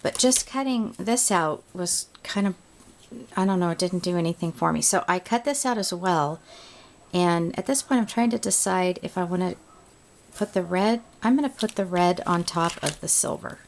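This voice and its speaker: A woman's voice: on the low side, normal speed. A woman hosting a home craft tutorial, chatting casually and thinking aloud as she works. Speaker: crafting video host.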